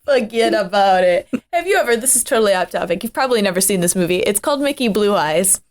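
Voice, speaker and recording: A woman's voice: mid-range voice, expressive, racing. A woman co-hosting a podcast in casual chat, rambling and chatty, laughing often. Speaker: podcast co-host.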